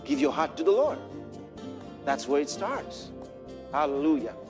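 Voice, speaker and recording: Animated high-voiced male preacher. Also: unhurried, music in the background. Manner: builds from quiet storytelling to shouted exhortation; quotes scripture in old-fashioned wording. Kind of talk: sermon.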